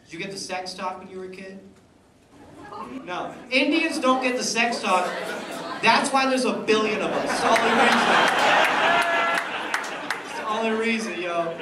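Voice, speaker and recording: Male comic, high voice, loose teasing crowd work; live club, echoey and distant, loud crowd. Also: animated, normal speed, pauses often. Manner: loose, teasing banter with the audience. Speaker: stand-up comedian. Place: comedy club stage before a live audience. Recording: roomy live club sound, crowd noise.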